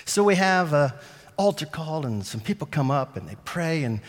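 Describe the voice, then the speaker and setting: Man, pastor, high voice, animated sermon storytelling, long reverb of a big hall. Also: moderate pace. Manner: animated, acts out quotes with shifting volume.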